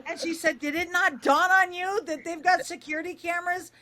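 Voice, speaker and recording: An older woman radio host telling a funny story, lively and animated, acting out the voices in it. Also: a little fast. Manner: lively, acts out quoted voices with big pitch jumps.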